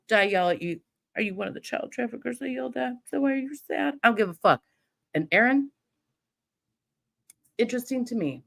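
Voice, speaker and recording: A woman's voice: medium pitch, vocal fry, slightly rough. Defiant, foul-mouthed woman ranting on a livestream. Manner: profane, defiant, mocking imitations. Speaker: livestream host. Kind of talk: heated livestream rant.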